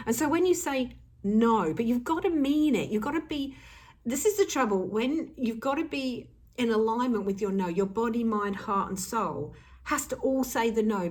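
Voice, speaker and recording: Earnest breathy woman coaching. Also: mid-range voice, animated, moderate pace. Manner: earnest, emphatic, repeats key words. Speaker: self-help coach. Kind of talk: earnest motivational talk to camera.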